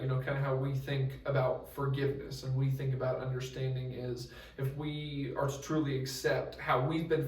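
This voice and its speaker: A man's voice: mid-range voice, darkish tone, roomy sound, distant mic, rough recording. A young man leading a youth group Bible study in a loose, casual talk with many fillers and restarts.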